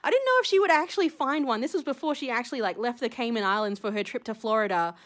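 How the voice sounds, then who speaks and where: Young woman vlogger, high voice, gushy and rambling. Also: fast. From Australia. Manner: gushing, excitable, rambling with many fillers. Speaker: shell-collecting vlogger. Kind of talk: casual unboxing vlog.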